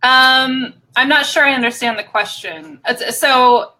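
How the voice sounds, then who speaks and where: A young American woman from Oregon, chatting as a guest on a live stream, relaxed and laughing often with many ums. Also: sits high, measured pace, rough recording. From Oregon, USA. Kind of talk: casual live-stream chat.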